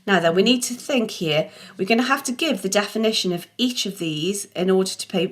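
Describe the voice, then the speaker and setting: A woman's voice: medium pitch, a little fast. A middle-aged woman teaching music theory in an online tutorial, patient and encouraging, sometimes correcting herself as she explains.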